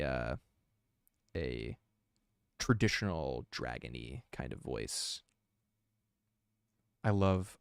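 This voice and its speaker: A man's voice: low-pitched, vocal fry, smooth, dry recording, studio quality. A man chatting casually while drawing on a live stream, rambling and self-aware and filling his speech with "like.".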